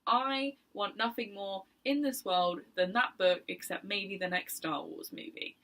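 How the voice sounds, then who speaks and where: Bright-voiced chatty young woman. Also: medium pitch, a little slow. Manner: chatty and enthusiastic, laughs often. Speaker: book vlogger. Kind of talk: casual chat.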